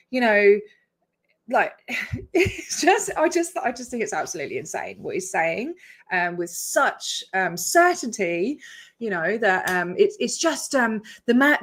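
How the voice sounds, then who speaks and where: A woman's voice: a little high, lively intonation, moderate pace. An Australian woman chatting on a casual reaction stream, blunt and swearing, laughing in disbelief. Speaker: streamer reacting to her own video.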